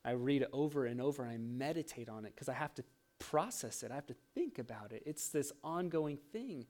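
A man's voice: mid-range voice, lively intonation, a little fast, a little mellow. A young man preaching a sermon, telling a self-mocking personal story with laughter. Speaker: pastor.

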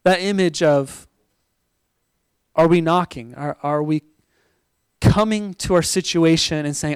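Young man, youth-style preacher, animated and talky, bright high voice, dry close sound. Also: unhurried, pauses often, smooth, dry recording, poor audio. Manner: animated, chatty storytelling with frequent "like" and laughter. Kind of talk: sermon with personal storytelling.

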